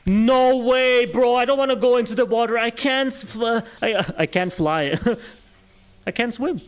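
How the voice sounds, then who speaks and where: A man who is not a native English speaker, streaming a horror game with excitable, exclaiming commentary. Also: very high voice, unhurried, clean tone.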